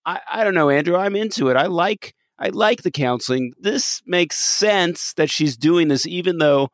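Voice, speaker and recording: A man's voice: sits high, animated, moderate pace, no echo, studio quality. A man co-hosting a casual podcast, ranting with enthusiasm and laughing often. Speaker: podcast co-host. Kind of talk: casual chat reviewing a TV episode.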